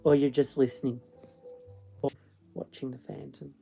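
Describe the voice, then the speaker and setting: A man's voice: mid-range voice, level tone, normal speed, vocal fry, warm tone, soft background music. A man chatting casually on a livestream while lying in bed, drowsy and murmuring. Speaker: livestream host. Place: bedroom, in bed.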